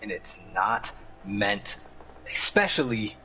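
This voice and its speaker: A secretive young man in a tabletop game, voiced by a man. He speaks in a stern, cryptic way. His tone is bright and the pitch moves around quite a lot. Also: sing-song, slow pace, slight background noise, exaggerated voice, poor audio.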